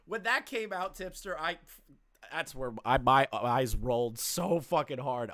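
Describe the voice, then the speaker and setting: A man hosting a casual livestream, reacting to online drama with constant swearing and jokes. His pitch jumps around a lot, and the sound is close and dry. He keeps turning to address his chat directly. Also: expressive, slow, fairly bright tone, no echo. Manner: profane, joking, talks straight to chat.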